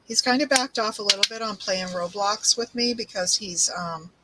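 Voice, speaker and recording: A woman's voice: medium pitch, moderate pace, noisy background. An older woman hosting a craft livestream, chatting casually and rambling as she unpacks supplies and greets viewers by name. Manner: talks while unpacking and showing craft supplies.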